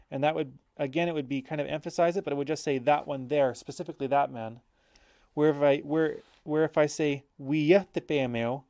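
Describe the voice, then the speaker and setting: A man explains example sentences in a relaxed, patient teaching voice, stopping to think aloud and fix his own slips. His voice sits at an ordinary middle pitch. It is recorded dry and close, with no room sound. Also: dry recording. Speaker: language teacher. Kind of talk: language lesson with examples.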